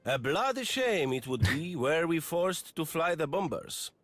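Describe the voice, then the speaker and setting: A young wartime fighter pilot in a video game, earnest and conscientious, speaking in a fairly high voice. He swings his pitch widely and sounds dry, with no room around him. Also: sing-song, measured pace, fairly bright tone, dry recording.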